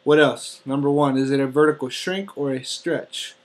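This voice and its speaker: A man's voice: mid-range voice, moderate pace. A man teaching an algebra lesson step by step, often checking in with "okay?". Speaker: math teacher. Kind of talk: classroom math lesson.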